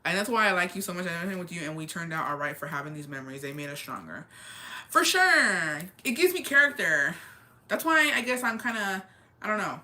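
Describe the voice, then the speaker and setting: A young woman casually and candidly retelling a family story, animated, with lots of "like" and quoted dialogue. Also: on the low side, rapid-fire. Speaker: storyteller on a chat show. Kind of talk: casual chat.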